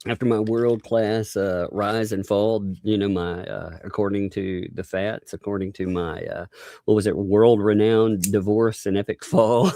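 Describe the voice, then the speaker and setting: A man's voice: lowish voice, little pitch movement, unhurried, warm tone, no room sound, studio quality. A man hosting a casual livestream chat, rambling with restarts and frequent laughs. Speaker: host.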